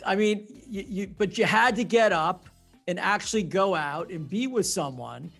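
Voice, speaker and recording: A man's voice: high-pitched, moderate pace, gravelly, fairly bright tone, soft background music. A man hosting an interview podcast, praising his guest and often restarting mid-sentence. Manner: enthusiastic, builds up the guest. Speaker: podcast host.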